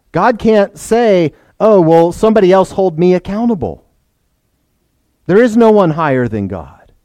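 A man's voice: fairly high pitch, warm tone, no echo. A man preaching a sermon to his church, explaining plainly and putting questions to the children. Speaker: pastor.

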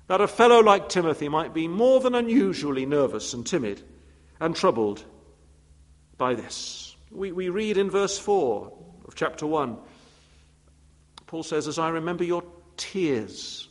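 A man's voice: on the high side, expressive, unhurried. A man preaching a sermon, telling stories with playful asides and acting out quoted voices. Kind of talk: expository sermon. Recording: long reverb of a church hall.

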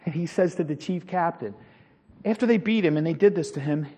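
A male preacher giving a dramatic sermon, swinging from loud declarations to low, quiet lines and acting out crowds and quoted scripture. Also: a little fast. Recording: long hall reverb.

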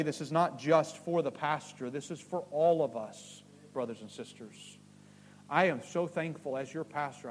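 A man preaching a sermon as pastor, animated and jokey, with voiced asides. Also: on the high side, in a large hall, slight background noise.

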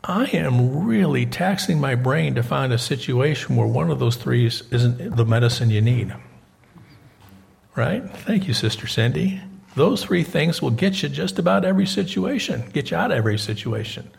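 A man's voice: medium pitch, expressive, normal speed, gravelly. A man preaching a conversational sermon, folksy and fond of asking his listeners questions. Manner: folksy, repeats himself, asks the congregation questions. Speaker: preacher in prison ministry.

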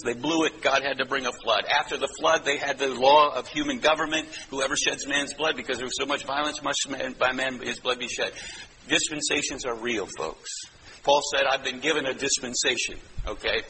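A man's voice: medium pitch, fairly even intonation, brisk, noisy background. A man preaching a sermon as pastor, teaching in a conversational way with frequent asides to his listeners.

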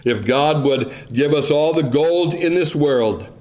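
Slow, deliberate male preacher. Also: a little high, darkish tone. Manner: slow, deliberate preaching with King James scripture readings. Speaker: pastor. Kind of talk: sermon.

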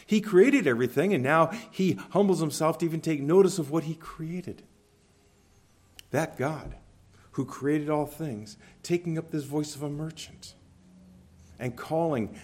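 A man preaching a sermon as pastor, earnest and emphatic, his voice swinging between forceful peaks and quiet low stretches.

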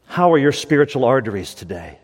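A man's voice: medium pitch, sing-song, brisk, husky. A man preaching a sermon as pastor, urgent and pleading, repeating his points with emphasis. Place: church sanctuary. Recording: long reverb of a church hall.

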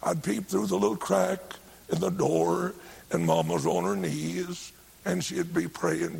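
An older preacher with a gravelly, raspy voice that sits high for a man. He tells a revival story with fervor, building to shouted lines when he voices the people in it. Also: fairly even intonation, measured pace. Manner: fervent, rising to shouts when quoting.

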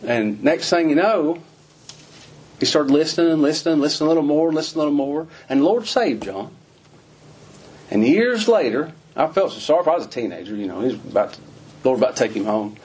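A man's voice: fairly high pitch, expressive, fast, darkish tone, breathy edge. A male pastor, preaching a folksy, emphatic sermon full of rhetorical questions.

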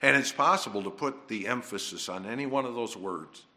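A man preaching a sermon, emphatic and dramatic, swinging from hushed to loud. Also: medium pitch, a little fast.

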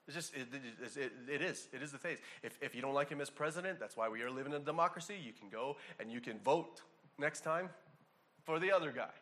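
A man's voice: medium pitch, lively intonation, quick pace, fairly bright tone. A man preaching a sermon, emphatic, with frequent restarts and acted-out asides. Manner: emphatic, hammers single words. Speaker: pastor.

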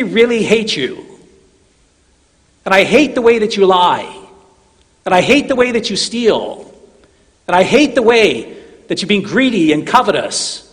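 A man voicing God as a furious male figure condemning sin, loud and pressing, with long hall reverb. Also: high voice, pitched above the performer's own voice.

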